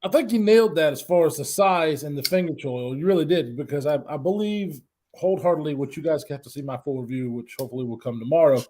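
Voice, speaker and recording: Laid-back male guest, slightly high voice. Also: quick pace, warm tone. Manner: easygoing, laughs often, loose rambling sentences. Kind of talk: casual livestream chat.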